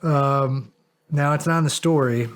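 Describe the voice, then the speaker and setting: Middle-aged male guest, casual storyteller, mid-pitched voice, cursing and laughing at himself. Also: unhurried, background noise. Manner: animated, profane, laughs at himself. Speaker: podcast guest.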